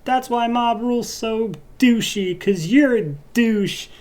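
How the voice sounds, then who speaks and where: A man voicing an angry young woman who scolds a friend in a shrill, mocking voice. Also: takes it slowly, darkish tone. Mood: scolding.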